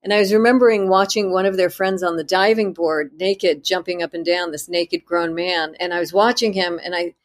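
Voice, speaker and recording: A woman author in an interview, telling her story in a candid, self-deprecating way with halting restarts. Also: lowish voice, steady tone.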